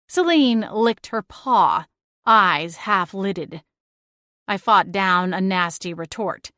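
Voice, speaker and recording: A woman's voice: medium pitch, sing-song, a little slow, a bit bright, dry recording, studio quality. A woman narrating a cozy first-person audiobook, reading expressively and acting out exasperated dialogue.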